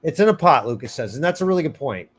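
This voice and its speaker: Hosting a casual live Q&A about trees, this man answers viewers with a stream of puns and frequent laughter. His voice sits fairly high and sounds slightly rough, and he talks quickly and with a lot of animation.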